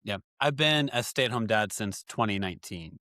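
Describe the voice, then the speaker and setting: A man's voice: lowish voice, expressive, normal speed, sharp tone, dry recording, clean studio sound. A man hosting a podcast in casual chat, rambling and self-deprecating with a joking streak. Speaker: podcast host.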